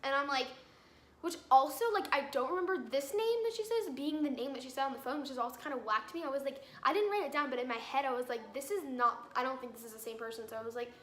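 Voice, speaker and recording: A teenage girl tells a storytime vlog in a high-pitched, slightly bright voice, talking fast with almost no pauses. She sounds exasperated and leans heavily on "like" as she retells events. The recording has a roomy echo and faint ambient sound.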